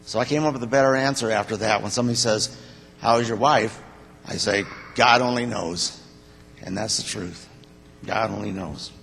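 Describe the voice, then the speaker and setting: A man's voice: lowish voice, creaky, fairly bright tone, slight background noise. Older man in a reverberant church hall. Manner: plain-spoken, halting, heartfelt storytelling. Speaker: church member giving a talk to the congregation. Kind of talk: personal testimony.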